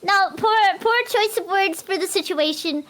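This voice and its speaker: A woman's voice: very high-pitched, moderate pace, fairly bright tone. A woman playing a tabletop game, chatting casually and often trailing off in a flustered way.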